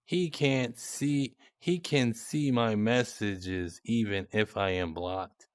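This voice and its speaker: A sarcastic young man talks over chat messages in a casual, teasing way. His voice sits a little low and his delivery is slow and drawn out. The sound is dry, with no room echo. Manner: mocking, sarcastic. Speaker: content creator.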